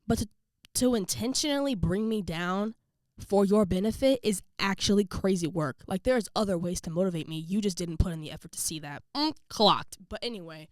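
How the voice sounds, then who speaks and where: A young woman recounts a story in an easygoing, slang-heavy way, breaking off for quick asides and acting out what people said. Her voice sits at a middling pitch. The sound is dry and close, with no room around it. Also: expressive, no echo. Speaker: vlogger. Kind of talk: casual storytelling to camera.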